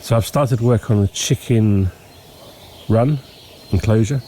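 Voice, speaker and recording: Mellow-voiced man with hay fever. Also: lowish voice. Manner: relaxed, unhurried, frequent ums and pauses. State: sniffly with hay fever, clearing throat. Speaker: homestead vlogger. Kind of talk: casual walking tour narration. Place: outdoors in a countryside yard at dawn. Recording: faint outdoor noise with birds. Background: birdsong and insects.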